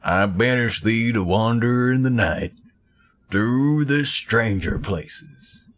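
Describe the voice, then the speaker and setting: Man doing a forest god, Southern accent, solemn archaic speech, very slow, grave. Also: medium pitch, wildly swooping pitch. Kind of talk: reading game dialogue aloud.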